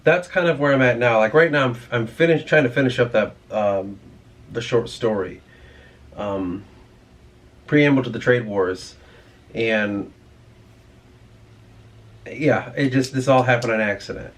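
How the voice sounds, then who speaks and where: A man's voice: mid-range voice, unhurried, pauses often. Rambling, profane male vlogger. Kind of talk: casual rambling monologue.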